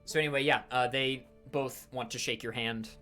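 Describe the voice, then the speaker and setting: A man's voice: mid-range voice, steady tone, moderate pace, pushed and bright, soft background music. Rambling man running a tabletop game. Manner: rambling, full of fillers and self-corrections. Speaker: dungeon master.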